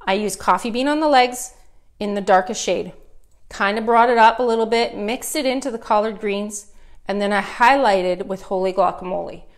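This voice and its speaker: A woman's voice: medium pitch, moderate pace. A middle-aged woman with a Canadian accent, giving a chatty, upbeat live furniture painting tutorial and talking straight to her viewers.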